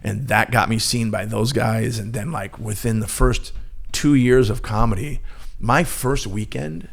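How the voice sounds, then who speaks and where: A man's voice: lowish voice, unhurried, creaky. A middle-aged man, a stand-up comedian, telling stories casually on a podcast and acting out other people's lines. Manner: animated, acts out others' lines in quoted voices. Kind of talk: casual storytelling chat.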